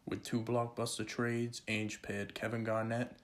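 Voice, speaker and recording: A man giving measured, formal scripted documentary narration. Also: medium pitch, monotone.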